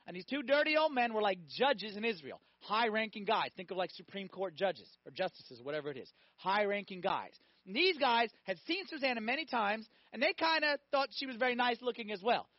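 High-voiced man preaching a lively sermon. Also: no echo, muffled recording. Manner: animated storytelling, acting out voices, asks audience questions.

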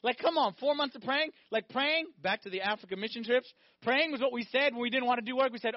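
A man preaching a lively sermon as a priest, often asking his listeners questions. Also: very high voice, quick pace, no echo. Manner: animated, asks the congregation questions. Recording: dull, dry recording.

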